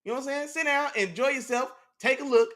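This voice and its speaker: A man hosting a casual sports talk show, animated and slangy, reacting to his live chat and breaking down plays. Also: very high-pitched, fast. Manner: animated, slangy, repeats "you know what I'm saying". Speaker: podcast host.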